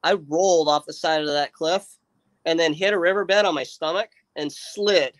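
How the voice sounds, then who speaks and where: A livestream guest with a somewhat high male voice tells a long story in loose, casual chat at a normal speed. He rambles with plenty of fillers and restarts, animatedly slipping into his friends' voices. The recording is dry and close.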